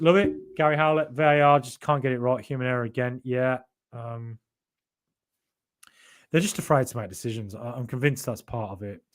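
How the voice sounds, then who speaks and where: A chatty middle-aged man runs a casual podcast stream, answering viewer comments one after another. He talks in a loose, rambling way, doubling up words and restarting sentences, and throws in jokey asides. His voice sits at an ordinary middle pitch. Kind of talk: casual live-stream chat.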